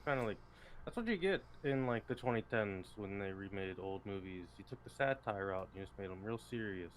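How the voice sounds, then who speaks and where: A man's voice: lowish voice, animated, brisk, a little hiss or hum. A man chatting casually as a guest on a talk show, laid-back with short agreeing replies. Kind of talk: casual chat.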